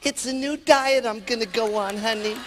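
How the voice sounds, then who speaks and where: A man doing a soft, giggly wife. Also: very high-pitched, takes it slowly, gravelly, background noise, voice pushed up, exaggerated voice. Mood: giddy. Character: eager, giggly young wife. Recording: long hall reverb.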